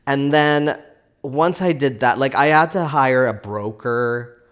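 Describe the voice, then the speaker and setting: A man hosts a relaxed crafting vlog, spilling a long story in a loose, chatty way. He laughs often and leans on "like" and "um" as he talks. His pitch sits in a middling range for a man. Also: slow. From Canada. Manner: animated, laughing, frequent "like" fillers.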